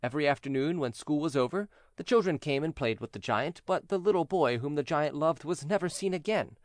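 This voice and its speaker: A man narrating a fairy tale for English learners in a clear, measured, expressive way. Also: fairly high pitch, dry recording, clean studio sound. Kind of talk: storybook reading for English learners.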